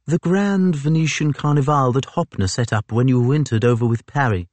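A man's voice: medium pitch, moderate pace, a little mellow, no room sound, voice pushed up, close to an everyday voice. A man voicing a nervous, earnest naval captain with a slight lisp, speaking eagerly and a bit hurriedly in an audiobook. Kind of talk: audiobook character voice.

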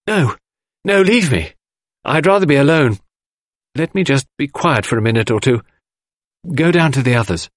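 A distraught young woman cries out in a high, pleading voice, as a male narrator puts her on. Her lines jump far above the narrator's usual pitch and come out louder. The recording is dry and close. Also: animated, moderate pace, slightly rough, no echo, heavily acted.

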